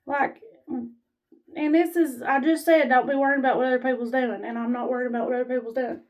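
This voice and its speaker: A woman's voice: sits high, steady tone, fast. A woman vlogger giving a blunt, rambling, folksy motivational talk to her camera, standing as she films herself. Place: standing while filming herself.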